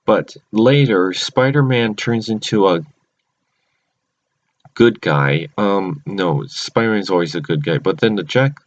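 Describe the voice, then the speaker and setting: A man with a lowish voice recaps cartoon episodes casually and animatedly, taking it slowly and rambling. He keeps stopping to restart or correct himself, and the recording sounds dull and lo-fi.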